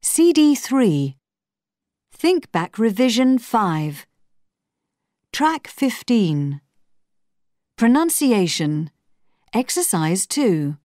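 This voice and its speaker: A woman clearly announcing tracks and exercises for a textbook audio course. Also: on the high side, very animated, very slow, pauses often, darkish tone, dry recording, studio quality. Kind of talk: reading track and exercise cues.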